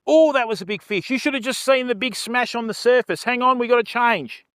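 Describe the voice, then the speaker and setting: An older man with an Australian accent talks casually to his livestream viewers from a riverbank, peppering his talk with "mate". His voice sits high and sounds smooth and clear. The recording is dry and close. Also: brisk, a bit bright, dry recording. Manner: chatty, greets viewers, fills talk with "mate" and "you know". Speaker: fishing livestreamer. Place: outdoors by a river.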